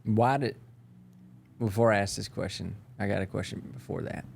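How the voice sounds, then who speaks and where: Gravelly low-voiced male podcast host. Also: steady tone, normal speed, darkish tone, a little hiss or hum. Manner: brief interjections and easy laughter. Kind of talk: casual interview.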